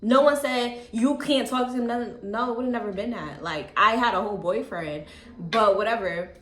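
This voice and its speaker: A woman's voice: moderate pace, a little hiss or hum. Chatty young woman in an echoey room. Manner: chatty, candid, says "like" and "you know what I'm saying" a lot; calm, low-key delivery. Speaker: vlogger. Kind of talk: casual storytime.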